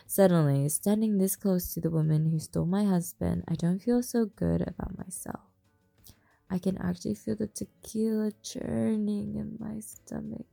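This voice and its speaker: A woman reads a trashy romance in a flat, deliberate monotone, her voice full of gravelly vocal fry. She keeps stepping out of the story for quick joking asides. A phone mic picks her up, with faint music underneath. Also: mid-range voice. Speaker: reader of romance novels. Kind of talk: deadpan comedic reading.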